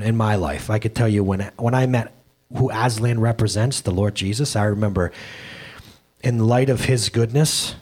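A man in his thirties preaches in a casual, conversational way, stopping to restart phrases and check that listeners follow. His voice is husky and a touch breathy. His pitch swings widely as he talks. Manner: conversational preaching, lively pitch, frequent restarts and rhetorical questions. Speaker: pastor. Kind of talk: sermon.

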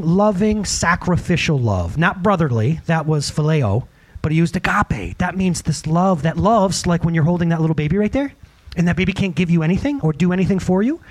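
A man preaching with a high, husky voice that swoops up and down. He talks straight to the congregation, asks them questions again and again, and breaks into acted-out quotes. It is a lively sermon delivered in a church hall. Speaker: pastor.

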